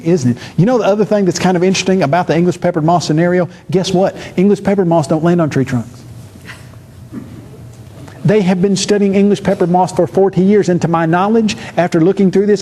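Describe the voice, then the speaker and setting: A man giving an animated church seminar lecture, acting out quoted speakers with quick shifts of voice. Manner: lively, acts out quoted speakers with shifting pitch.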